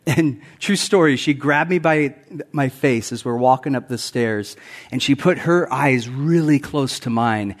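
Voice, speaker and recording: In a church sanctuary, a guest pastor in his forties gives a conversational sermon in an animated, mid-range voice at normal speed. He uses self-deprecating humor, often chuckles at his own stories, and raises his voice to act out quotes.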